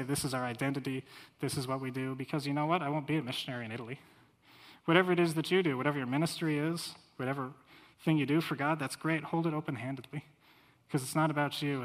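A man preaching with earnest fervor, his voice at a middle pitch and swelling loud when he reads scripture. The sound rings with a long reverb, as if from a church hall. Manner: earnest, rising to loud fervent scripture reading. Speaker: missionary preacher. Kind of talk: sermon.

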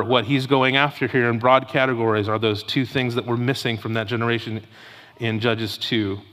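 A man preaching a sermon in a church sanctuary, his voice bright and forceful. He delivers it emphatically, leaning hard into the key phrases. Long reverb from the hall rings behind every sentence. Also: mid-range voice. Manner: emphatic preaching with Scripture read aloud. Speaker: pastor. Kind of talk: expository sermon.

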